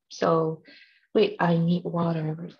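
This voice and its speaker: A woman runs an online trading lesson, teasing her viewers and laughing as she talks. Her voice sits a little low and moves at an unhurried pace. The sound is dull and lo-fi, like webinar audio. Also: level tone. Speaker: trading instructor.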